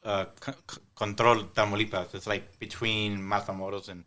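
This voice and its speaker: A man's voice: fairly low pitch, level tone, normal speed, pushed and bright. A man telling long personal stories in casual podcast chat, often restarting and repeating words. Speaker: podcast co-host.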